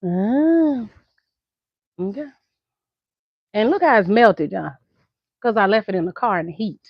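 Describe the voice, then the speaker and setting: A woman's voice: mid-range voice, lively intonation, unhurried, dry recording. A middle-aged woman with a Southern American accent, chatting casually to her viewers and laughing often. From United States. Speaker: vlogger. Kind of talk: casual chat to camera. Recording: dull lo-fi sound.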